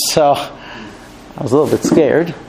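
A man's voice: on the high side, takes it slowly, a little mellow, slight background noise. Earnest man teaching a Torah class. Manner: earnest, storytelling, with restarts and light laughs. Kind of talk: Torah class with personal story.

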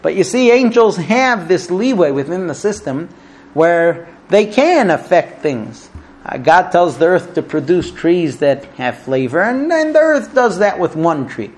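A man with a fairly high voice leads a Talmud class, telling stories and working through questions. His delivery is animated, with big swings of intonation and casual restarts and fillers. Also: unhurried. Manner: animated, storytelling with vivid intonation. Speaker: Torah teacher.

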